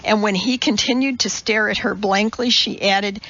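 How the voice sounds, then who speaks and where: A woman reading a novel aloud as an audiobook narrator, in a measured, deliberate way. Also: mid-range voice, fairly even intonation, fairly bright tone. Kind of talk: scripted narration. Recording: slightly dull recording.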